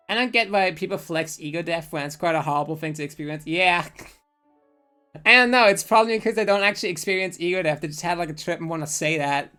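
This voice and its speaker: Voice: mid-range voice, fairly quick, pushed and bright, clear, resonant tone, soft background music. A streamer commenting on a game live, blunt and rambling with frequent swearing and laughing asides.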